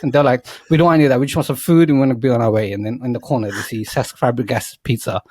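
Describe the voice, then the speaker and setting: A young man on a podcast, telling a rambling comic movie pitch full of swearing and acted-out lines. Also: rapid-fire, hardly any pauses, a little mellow, breathy edge, no echo. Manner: swearing, laughing, acting out quoted lines. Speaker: podcast co-host. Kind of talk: rambling comedic story pitch.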